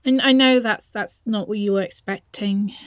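A woman's voice: mid-range voice, normal speed, no echo, clean studio sound, close to an everyday voice. A young woman acting a shy, nervous lover in an audio role-play, stammering and hesitating as she speaks to her partner.

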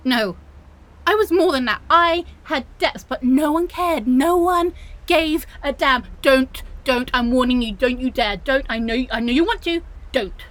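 A woman's voice: sits high, unhurried, a bit bright, low-quality recording. A woman voicing a touchy young female otter-girl supervillain who protests indignantly and trips over her words in an audio role-play. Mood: aggrieved. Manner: indignant, flustered, protests too much and stumbles over words.

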